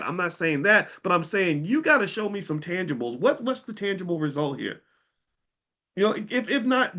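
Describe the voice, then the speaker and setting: Bright-voiced man preaching over a dull line. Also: sits high. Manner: preachy, repetitive, heated and profane at times. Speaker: finance educator. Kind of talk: livestream talk.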